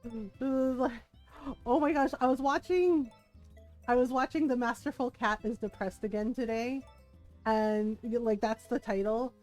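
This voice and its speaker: Giggly lady gamer rambling thru her stream, kinda high voice, slow and easy, little game music behind. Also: steady tone, darkish tone. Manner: giggly, laughs often between rambling remarks. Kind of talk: casual chat while playing a video game.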